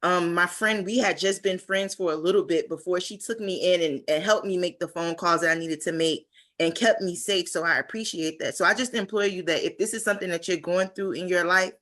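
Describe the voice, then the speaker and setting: Young woman on a video call telling her survival story, earnest, lots of ums, lowish voice. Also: fairly quick, fairly bright tone. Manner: earnest, heartfelt, many fillers. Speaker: conference speaker. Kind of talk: personal testimony talk.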